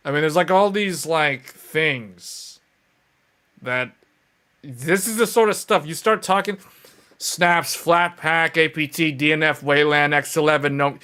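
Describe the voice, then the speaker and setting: A man's voice: a little high, lively intonation, a little slow, bright, forceful tone, clean tone. A man hosting a casual tech show, chatting animatedly with lots of fillers and exasperated outbursts, sometimes murmuring chat comments aloud.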